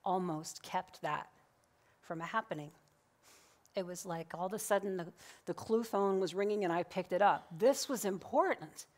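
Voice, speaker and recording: A middle-aged woman minister preaches in a church, her voice sitting a bit low for a woman. She tells a personal story with animated energy, acting out the people in it and laughing often. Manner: animated, acts out quoted dialogue, laughs often. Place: church sanctuary.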